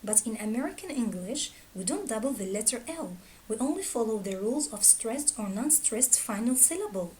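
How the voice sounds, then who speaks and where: A woman teaching a grammar lesson, reading out word pairs slowly and deliberately. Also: fairly high pitch, animated, mellow, a little hiss or hum, rough recording. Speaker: English teacher.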